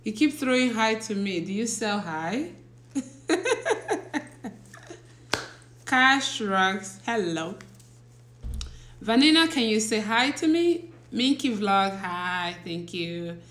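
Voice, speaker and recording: Slow-talking woman greeting livestream viewers. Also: mid-range voice, expressive, fairly bright tone, reverberant. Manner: chatty, laughs often, reads out viewer names; talks slowly. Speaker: livestream host, teacher. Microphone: phone or laptop livestream.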